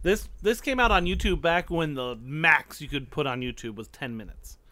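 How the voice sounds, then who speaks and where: Bright, teasing man with a lively voice. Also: a little high, normal speed, no echo. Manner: wry, teasing. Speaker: podcast co-host. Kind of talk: casual podcast chat.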